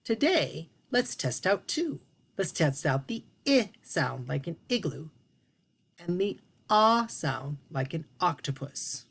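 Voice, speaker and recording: A woman leads a phonics lesson for young children in a slightly low voice. She talks very slowly and patiently, encouraging the children to repeat each sound after her. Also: very animated, creaky, husky. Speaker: teacher.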